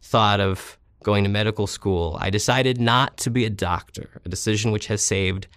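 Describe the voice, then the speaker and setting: A man's voice: fairly low pitch, normal speed, a bit bright, no echo. A man in his thirties, an interview guest, telling rambling stories with self-deprecating humor. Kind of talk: casual storytelling interview.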